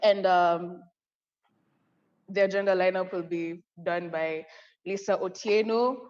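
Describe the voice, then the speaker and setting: A young woman with a Kenyan accent co-hosting a live online conference, effusive and excitable, often breaking into laughter. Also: on the low side, slow. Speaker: conference co-host. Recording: echoey, dull lo-fi audio.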